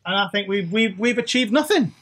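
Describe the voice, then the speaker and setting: High-voiced man, sweary chat. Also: lively intonation, brisk, fairly bright tone. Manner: sweary, laughs a lot, teasing. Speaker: podcast host. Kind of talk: casual chat.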